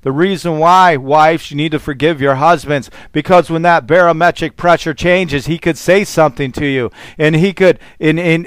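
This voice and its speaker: A man's voice: on the high side, normal speed, few pauses, smooth, no echo. A man preaching as a pastor, fervent and rambling, with call-and-response exclamations to his listeners. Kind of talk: preaching sermon.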